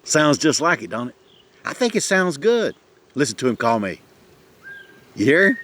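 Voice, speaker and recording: A man chatting casually on an outdoor vlog, hushing and coaxing while he walks and sits to listen for birds. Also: fairly high pitch, big pitch swings, normal speed. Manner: hushed, coaxing, folksy. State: a bit out of breath. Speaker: vlogger. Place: outdoors in woods.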